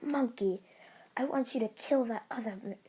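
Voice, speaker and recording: A woman voicing a cold, cruel alien tyrant who talks in a quiet, sneering way. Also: fairly high pitch, moderate pace, slightly rough.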